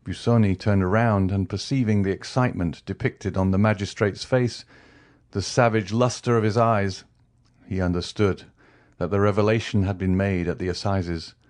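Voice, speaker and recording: A man narrating an audiobook in a steady, dramatic reading voice. His pitch sits slightly low. The delivery is scripted and controlled throughout. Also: normal speed.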